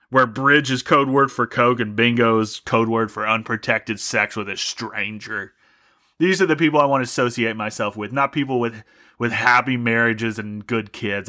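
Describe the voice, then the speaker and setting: A man's voice: medium pitch, bright, forceful tone. A young man hosting a podcast, delivering a profane, mock-angry comedic rant. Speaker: podcast host.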